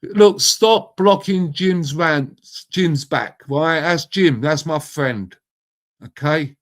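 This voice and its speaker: A middle-aged English man hosts a casual live stream chat in a slightly high voice, speaking slowly. He's blunt and matey, swearing freely and calling viewers mate and bruv.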